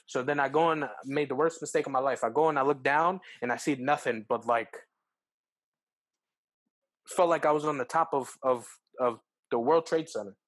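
A young man, co-hosting a podcast, telling a story casually with lots of fillers and jumping up in pitch when acting out quotes. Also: normal speed. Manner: animated, acts out quotes with pitch jumps, heavy fillers. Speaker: podcast co-host.

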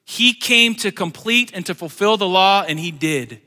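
Pastor guy preaching, pretty high voice, gets loud then drops quiet for jokes, lots of hall echo. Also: moderate pace. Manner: animated, swings between loud emphasis and quiet asides; joking asides in plain everyday speech. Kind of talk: sermon. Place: church sanctuary. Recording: long church hall reverb.

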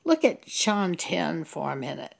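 A woman preacher giving an earnest sermon, teaching slowly and reading scripture aloud. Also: lowish voice, sing-song, creaky. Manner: slow, deliberate, earnest teaching.

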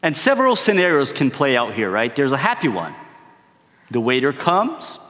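With a medium-pitched, slightly bright voice that swings widely in pitch, a male preacher begins his sermon at normal speed. He tells stories conversationally and keeps checking in with listeners by asking "right?" Long hall reverb fills the recording.

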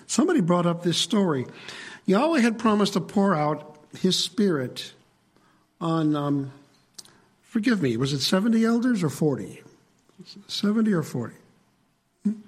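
A man delivers a sermon with a slightly husky voice that sits a little high for a man. He talks to the congregation in a conversational way and stops to ask them questions. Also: big pitch swings, moderate pace, long pauses. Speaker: preacher.

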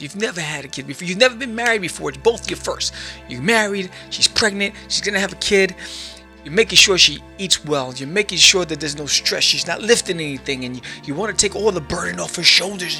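Animated bright-voiced male podcast host. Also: on the high side. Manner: animated, acts out inner thoughts in quotes. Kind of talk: motivational talk to listeners.

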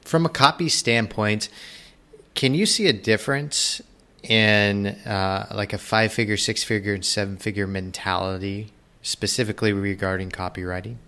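A man's voice: on the low side, steady tone, moderate pace, bright, forceful tone, clear, resonant tone. A man hosting an interview podcast, friendly and upbeat, laughing easily as he asks questions. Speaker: podcast host.

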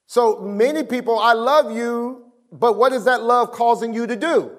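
A man's voice: very high voice, normal speed. A middle-aged man preaching a sermon, emphatic and casual, calling on the congregation to answer back. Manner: emphatic, call-and-response with the congregation.

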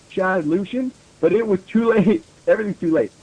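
A man's voice: sits high, fairly quick, darkish tone, poor audio. A man guesting on a comedy podcast, reading a story aloud, overacting the quoted lines and giggling.

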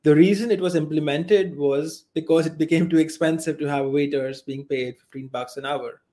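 Higher-voiced man explaining methodically. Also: fairly even intonation, moderate pace, dark tone. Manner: methodical, explains step by step with examples. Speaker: podcast co-host. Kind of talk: casual podcast debate.

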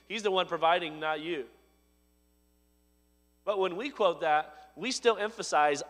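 Man, pastor, sermon, high voice, loud emphatic swells then quiet drops, long church reverb. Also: lively intonation, normal speed.

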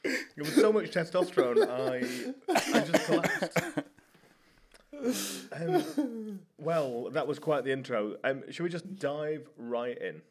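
A man's voice: fairly high pitch, big pitch swings, slow pace, pauses often, a crowd in the background. A man co-hosting a comedic podcast, teasing and crude in casual chat. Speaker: podcast co-host. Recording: loud music under the talk.

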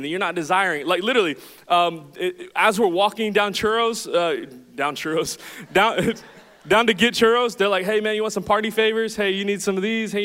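Young male pastor, casual self-mocking storyteller, high clear voice, long hall reverb. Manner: chatty, self-deprecating, animated storytelling. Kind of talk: sermon with storytelling. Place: church hall with audience.

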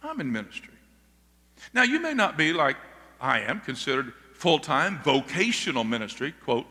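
Male pastor, high and bright, emphatic sermon delivery, big reverberant church. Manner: emphatic preaching with calls of "Amen?" to the congregation. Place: church sanctuary. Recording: long reverb of a large hall.

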